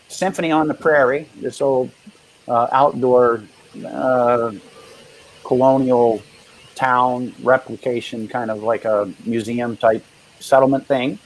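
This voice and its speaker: A man's voice: medium pitch, poor audio. Rambling man telling juggling stories. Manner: rambling, halting anecdotes with quoted dialogue. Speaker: guest, street performer and juggler. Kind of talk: casual interview storytelling.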